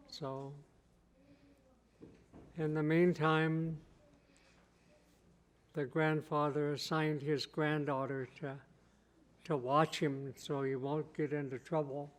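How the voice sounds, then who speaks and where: A tribal chief telling a traditional tale in plain, repeating phrases. His voice sits a little high and stays flat, and he takes his time. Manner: slow, repetitive, plain-spoken. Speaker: tribal chief, keynote speaker. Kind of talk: traditional oral storytelling.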